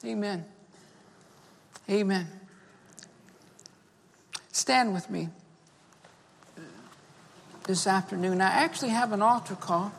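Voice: mid-range voice, takes it slowly, creaky, pauses often, a little hiss or hum. A pastor preaching a sermon and leading an altar call, fervent, repeating key phrases and punctuating them with "amen" and "beloved.". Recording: long reverb of a large hall.

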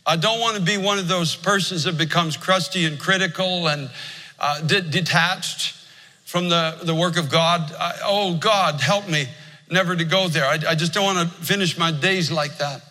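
An older male pastor preaches in an earnest, storytelling way, his voice pitched high and strikingly sharp and bright. A long reverb rings around him, as in a large church sanctuary. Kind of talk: sermon.

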